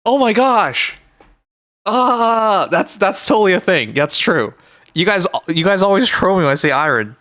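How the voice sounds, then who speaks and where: A Canadian-accented streamer reacts in casual chat, exclaiming and swearing freely. The pitch swings widely from phrase to phrase. The sound is dry and close, with no room around it. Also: unhurried, pauses often, dry recording. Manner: animated, exclaiming, swearing often. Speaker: livestreamer.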